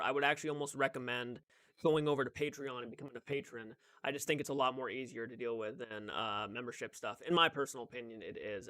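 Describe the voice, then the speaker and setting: A man's voice: medium pitch, bright, forceful tone. A young man hosting a casual live stream, chatting and greeting viewers by name, often restarting his sentences.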